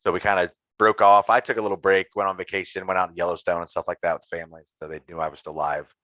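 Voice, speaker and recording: A man's voice: sits low, little pitch movement, very fast, pushed and bright, no echo, highs cut off. Man guesting on a podcast, blunt and joking, dry close sound. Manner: blunt, joking, folksy grammar. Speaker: podcast guest, sim racer. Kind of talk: casual podcast chat.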